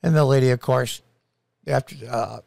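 Middle-aged guy ranting his opinions, emphatic, slows down to hammer points, dry close sound. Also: mid-range voice, steady tone, gravelly, darkish tone, dry recording. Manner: indignant, emphatic, punches key phrases slowly. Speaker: political commentator. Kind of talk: opinion commentary.

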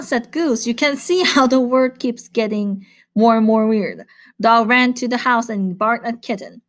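A woman reading a children's picture book aloud at bedtime, playful and animated. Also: a little high, unhurried.

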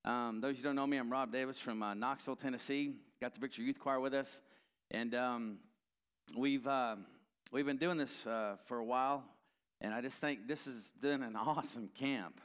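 A man's voice: mid-range voice, steady tone, moderate pace, a bit bright, clear, resonant tone. A middle-aged man who leads a youth choir gives a rambling, heartfelt personal testimony to a church gathering, with restarts and church exclamations.

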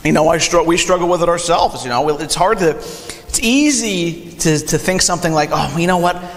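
A young man preaching a sermon, animated, acting out quick quoted asides in a church sanctuary. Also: a little high. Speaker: pastor. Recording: long hall reverb.

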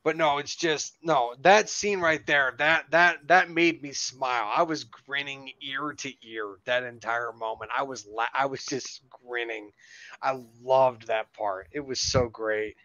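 A man co-hosting a podcast in casual chat, telling stories in an animated way and laughing often. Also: mid-range voice, a little slow, dry recording, highs cut off. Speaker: podcast co-host.

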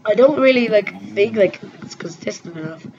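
Lively rambling gamer, lo-fi sound. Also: medium pitch, moderate pace, gravelly, background noise. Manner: rambling with frequent "like" fillers, bursts into startled exclamations. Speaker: let's play gamer. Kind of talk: casual gameplay commentary. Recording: dull lo-fi recording with faint game music.

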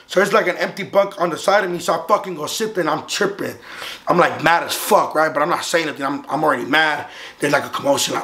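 A young man tells a story in a casual vlog, with a gravel-edged voice set a little high for a man. He swears freely and jumps into loud, animated impressions of the people in the story. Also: fast. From Southern California. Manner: profane, animated, acts out the other voices. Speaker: vlogger.

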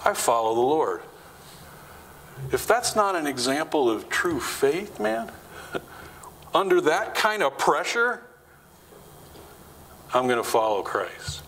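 A man's voice: sing-song, slow, pauses often, a bit bright, a little hiss or hum, low-quality recording. A man preaching a sermon in a church, talking conversationally, asking the congregation questions and acting out quoted lines. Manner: acts out quoted lines with rising pitch. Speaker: pastor.

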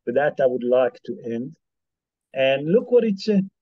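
A man's voice: medium pitch, very animated, unhurried, no room sound. A man teaching a Torah lesson as a rabbi, posing rhetorical questions with emphasis in non-native English. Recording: dull lo-fi dry recording.

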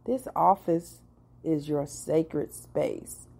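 A woman in her forties, a therapist and life coach, giving casual advice in a chatty, personal way with animated asides to the viewer. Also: deep voice, extremely slow, gravelly, breathy edge. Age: 40s.

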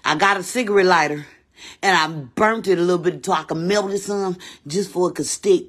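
A woman playing a brash, sassy woman fussing over her lashes in a comedy skit, talking loud and defensive with a husky voice. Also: fairly low pitch, brisk, voice pushed up. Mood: excited.

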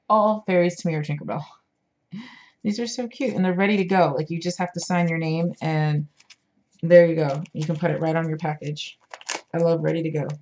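A tired parent yawns as she shows off craft supplies in a casual vlog, gushing enthusiastically over each item with lots of fillers. Her voice is fairly low and a little mellow, with lo-fi sound and slight background noise.

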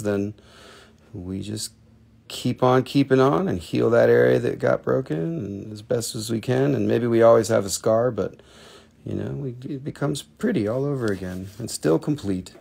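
A man's voice: medium pitch, vocal fry, a little mellow, breathy edge. A man in his forties hosting a live crystal sales show, chatty and jokey, sometimes slipping into a put-on accent. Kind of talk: casual live-stream selling.

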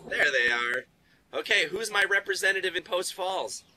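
A man's voice: high voice, expressive, normal speed, bright, forceful tone, rough recording. A man hosting a live online class field trip, quizzing school classes in an upbeat, encouraging way. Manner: upbeat, encouraging, praises kids. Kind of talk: live interactive quiz with classrooms.

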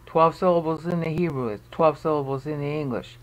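Speaking fairly quickly at a medium pitch, this presenter narrates a screen-recorded walkthrough to explain research. Thinking aloud as they search on screen, they make pointed, emphatic remarks.

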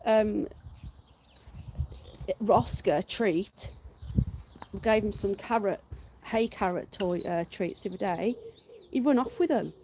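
A woman's voice: medium pitch, takes it slowly, long pauses, mellow, slight background noise. A middle-aged British woman chatting casually on a live stream from her back garden, laughing and swearing freely. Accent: British English.

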